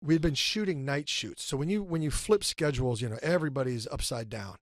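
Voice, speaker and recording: A man in his fifties, a guest, telling stories in a casual, animated way with lots of fillers. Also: mid-range voice, fairly quick. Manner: animated, acts out quotes, many fillers. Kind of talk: casual storytelling.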